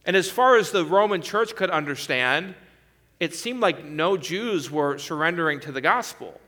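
Male preacher, bright tone, emphatic expository sermon delivery. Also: fairly high pitch, animated, moderate pace.

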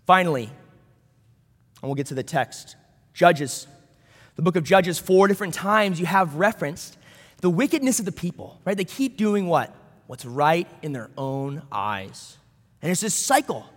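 A man's voice: fairly high pitch, expressive, unhurried, big-room sound. A man pastor preaching a sermon in a conversational way, with storytelling asides.

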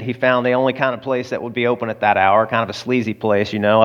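A man's voice: mid-range voice, fairly bright tone, muffled recording. Conversational male preacher telling a story. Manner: conversational, with asides to the listeners. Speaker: pastor. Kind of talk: sermon storytelling.

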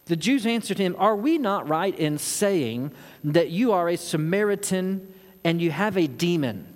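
Preacher with a ringing hall echo. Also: male voice, sits high, animated, a little slow. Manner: rhetorical, voicing questioners with rising heat. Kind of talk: expository sermon. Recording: long hall reverb.

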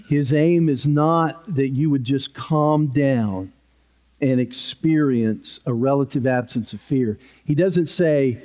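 A man preaching a sermon in an unhurried, conversational way, with self-deprecating humor, at a podium microphone in a church. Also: mid-range voice, a little mellow. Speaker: pastor.

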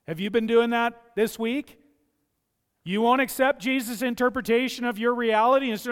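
A man's voice: very high voice, animated, normal speed. A man preaching a sermon as a pastor, impassioned, often acting out the voices he quotes. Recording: long hall reverb.

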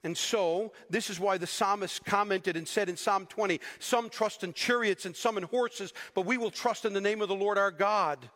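A man preaching a sermon with animated delivery, acting out the people he quotes. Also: sits high, normal speed, few pauses, big-room sound. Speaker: pastor.

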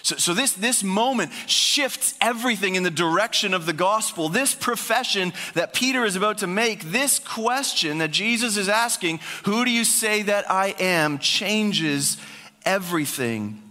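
A man's voice: sits high, expressive, unhurried, sharp tone, in a large hall. A man preaching a sermon as pastor, speaking in a conversational, emphatic way.

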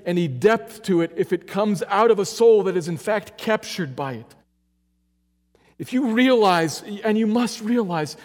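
Male preacher, slightly high voice, emphatic and earnest; long church-hall reverb. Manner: earnest, emphatic, swings between loud urging and quiet low stretches. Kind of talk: sermon.

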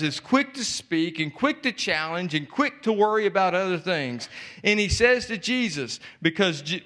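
Impassioned high bright preaching man. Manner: impassioned preaching, repetitive emphatic phrasing. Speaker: speaker at church event. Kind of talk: sermon-style exhortation.

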